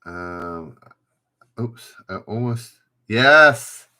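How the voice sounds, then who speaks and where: Casual man hosting a live trivia stream; bright voice, rambling, talks to his viewers. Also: on the low side, lively intonation, unhurried. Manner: rambling, thinks aloud, chatty with viewers. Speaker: trivia livestream host. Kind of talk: casual livestream chat.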